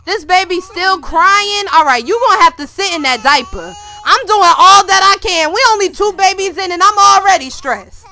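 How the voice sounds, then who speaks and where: A woman giving casual, joking gameplay commentary, animated and laughing often. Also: extremely high pitch, moderate pace, few pauses, slight background noise. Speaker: gaming YouTuber.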